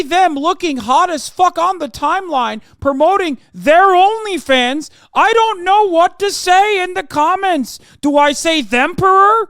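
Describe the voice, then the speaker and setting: A man putting on a whiny, shrill parody of a middle-aged male pundit, squealing and on the verge of tears. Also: pushed and bright, dry recording, studio quality, full character voice. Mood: whiny, overwrought. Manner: squealing, overwrought mock-tearful delivery.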